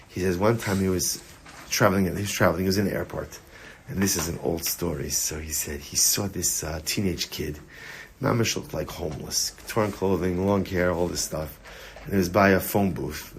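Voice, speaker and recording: A man, a rabbi, giving a Torah class to students, repeating his key lines and swinging between raised emphasis and quiet, low storytelling. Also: creaky, slight background noise. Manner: animated teaching, repeating key lines, rising for emphasis, dropping low for stories; sings short snatches of a melody.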